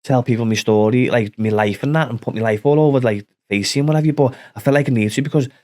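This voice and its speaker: A man who is a podcast guest, talking in a halting way, often stopping to restart with "like" and "you know". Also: medium pitch, darkish tone. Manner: halting, full of "like" and restarts, tells his story. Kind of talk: casual chat.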